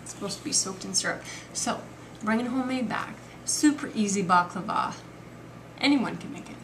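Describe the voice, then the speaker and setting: A woman's voice: mid-range voice, expressive, normal speed, background noise. A woman hosting a casual home cooking video, chatty and enthusiastic as she works in her kitchen.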